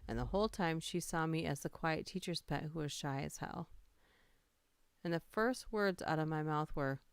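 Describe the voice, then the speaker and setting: Woman stream host, low-ish smooth voice, casual story reader. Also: moderate pace, dry recording. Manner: reads funny stories aloud, laughs and greets chat. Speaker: livestream host reading stories aloud. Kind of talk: casual livestream storytelling and chat.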